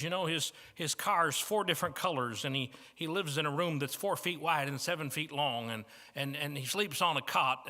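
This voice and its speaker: A Midwestern American man preaches a sermon in a church banquet hall, his slightly high, bright voice carrying a long reverb. He tells homely stories, dropping to quiet asides and then rising to emphatic points. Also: lively intonation, moderate pace, hardly any pauses. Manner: storytelling with shifts from soft to emphatic. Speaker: guest preacher.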